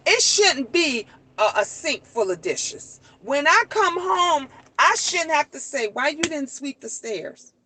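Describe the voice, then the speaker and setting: A grandmother hosting a talk show, telling stories and scolding in an animated, outspoken way. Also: a little high, no echo, poor audio. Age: older. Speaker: show host. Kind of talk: casual monologue to listeners.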